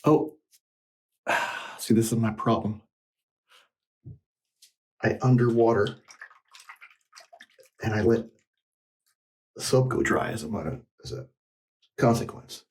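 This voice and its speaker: A man with a fairly low voice talks his way through a shave as he films it. He rambles and thinks out loud, pokes fun at his own mistakes, and sounds a little out of breath. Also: lively intonation, slow pace, pauses often, rough recording. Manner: rambling, self-deprecating, thinking aloud. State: slightly out of breath. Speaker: shaving vlogger. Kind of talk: casual talk while shaving on camera.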